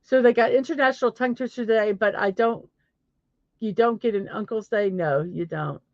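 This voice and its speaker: A woman's voice: on the high side, normal speed, darkish tone, dry recording, dull audio. A middle-aged woman with a Southern accent hosting a casual daily show, laughing at herself and apologizing as she stumbles. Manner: giggly, self-deprecating, stumbles and apologizes. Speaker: host of a daily positivity show. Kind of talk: casual solo chat.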